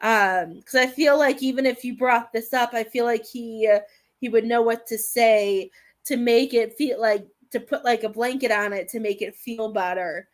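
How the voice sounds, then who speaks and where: On a live stream, a woman reads tarot as a medium in a voice on the high side, at a moderate pace. Hesitant and rambling, she keeps saying "I feel like," and her emotions sometimes spill over into tears.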